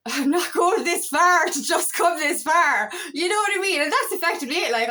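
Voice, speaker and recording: A woman with a high voice talks straight to her listeners as a coach. She is blunt and passionate, swears freely, and keeps checking in with "do you know what I mean". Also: sharp tone. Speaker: feminine empowerment coach. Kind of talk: casual monologue to camera.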